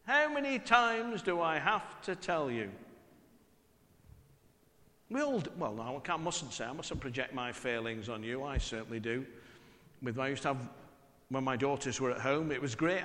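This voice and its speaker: A man's voice: mid-range voice, a little fast, a bit bright, in a large hall. A middle-aged man from northwest England with a northwest English accent, preaching a chatty, humorous sermon full of rhetorical questions.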